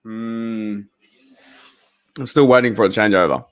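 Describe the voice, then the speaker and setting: A man's voice: medium pitch, measured pace, fairly bright tone. Chatty Australian man hosting a live stream. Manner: chatty, rambling, reacts aloud to the game and laughs often. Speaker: livestream host of a football watch party. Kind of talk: casual live-stream chat.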